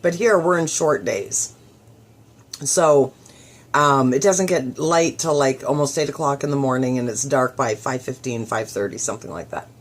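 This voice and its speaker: A middle-aged woman from southwestern Ontario, Canada, hosts a motivational radio show in a bass voice at a moderate pace. She's chatty and upbeat, acting out the thoughts she quotes.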